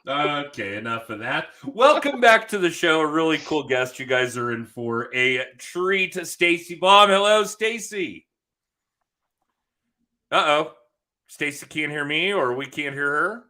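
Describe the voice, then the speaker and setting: Chatty bright-voiced man hosting a podcast. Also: on the high side, big pitch swings, a little slow. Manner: jokey, laughs often, loose and chatty. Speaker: podcast host and sales coach. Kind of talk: casual chat. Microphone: video call.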